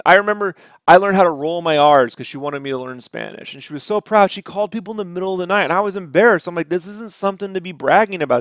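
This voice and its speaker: A man's voice: high-pitched, a bit bright, no echo, studio quality. A man ranting casually and profanely while drawing on a livestream, rambling from one aside to the next. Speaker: artist streaming a drawing session.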